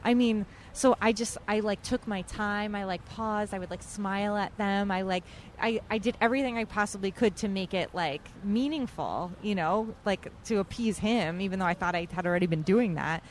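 A woman's voice: medium pitch, normal speed, slight background noise. A young woman guest on a podcast, telling a story in casual chat and acting out other people's lines with animation, recorded outdoors in a city park. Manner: animated, quotes others in lively voices.

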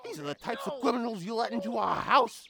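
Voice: big pitch swings, fast talker, a crowd in the background. A performer voicing a furious, indignant garden gnome in an audio drama, blustering and threatening with overly formal insults. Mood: outraged. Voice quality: gravelly, swooping pitch.

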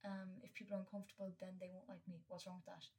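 A woman's voice: on the low side, little pitch movement, racing, warm tone, distant mic. A young woman hosting her own podcast, talking candidly and earnestly in a casual solo monologue, swearing freely and with many fillers. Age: young adult. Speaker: podcast host.

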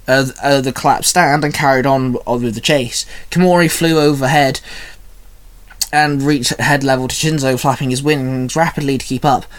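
A man reads a fan story aloud in a casual, unpolished way, stumbling and restarting now and then. His voice sits at a middling pitch. He narrates as a storyteller. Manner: casual reading with small slips.

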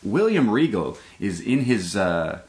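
A man's voice: lowish voice, a little slow. A man co-hosting a podcast, chatting casually and retelling events with frequent laughter. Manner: laughs often, lively storytelling. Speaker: podcast co-host. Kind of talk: casual chat recapping wrestling.

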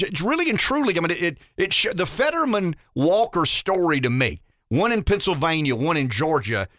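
A rural Southern man delivers opinionated commentary on his talk radio show, his voice lively and rising and falling. He sounds bright and forceful, emphatic and folksy, circling back over words as he builds each point, with a fairly high pitch. The studio audio is close and dry, with no room sound.

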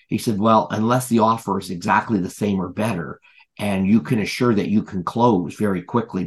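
Speaking in a lowish, slightly rough voice, a man on a podcast spins out a lengthy story in relaxed chat, full of fillers, false starts, and retold quotes from others.

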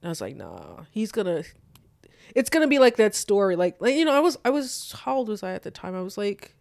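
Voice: mid-range voice, expressive, fast talker, a little mellow, dry recording, clean studio sound. A young adult telling a personal story in loose, casual speech, full of "like" fillers.

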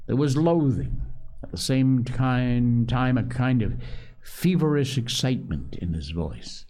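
A man reading a novel aloud in a measured, dramatic way. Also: medium pitch, lively intonation, warm tone. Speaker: reader.

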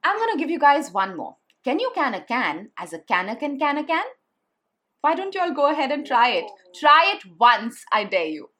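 Woman podcast co-host, animated and playful, fairly high voice. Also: moderate pace. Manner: encouraging, playful. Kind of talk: casual podcast chat.

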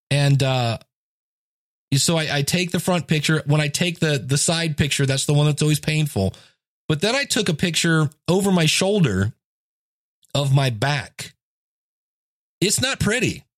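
A man in his fifties, his voice on the high side, tells stories in a casual motivational monologue and performs the quoted voices. The recording is dry and of studio quality.

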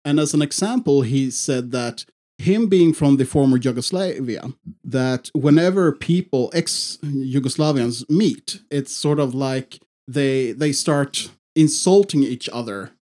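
A man's voice: medium pitch, lively intonation, unhurried, dark tone. A man co-hosting a casual podcast, rambling and swearing freely, with frequent restarts. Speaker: podcast co-host.

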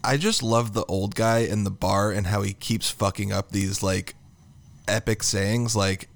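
A man co-hosting a casual podcast chat, laughing and swearing through lively banter. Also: lowish voice, measured pace, gravelly. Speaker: podcast co-host.

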